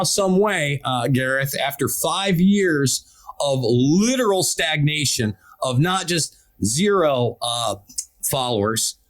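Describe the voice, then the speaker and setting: American male podcast host, slightly high voice, forceful and urgent delivery. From United States. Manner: emphatic, urgent, repeats words for stress. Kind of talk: political podcast talk.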